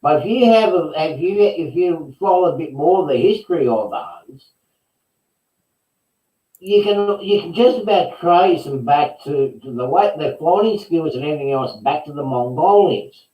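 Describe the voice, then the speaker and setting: A man's voice: on the high side, lively intonation, normal speed, muffled recording. A man chatting casually on a hobby show, agreeable and chiming in with short replies. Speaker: co-host of a hobby chat. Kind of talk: casual chat. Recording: echoey, distant from the mic.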